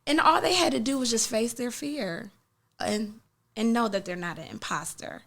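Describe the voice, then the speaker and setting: A woman book coach talking as a guest in an interview, animated and acting out what her clients say. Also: on the high side, moderate pace, vocal fry.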